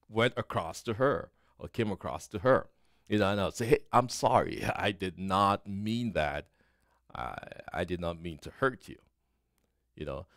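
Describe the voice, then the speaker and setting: A man with a lowish voice preaches a sermon at a very unhurried pace. He is earnest and repeats his key phrases for weight. The sound is dry and close, with no room echo. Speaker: pastor.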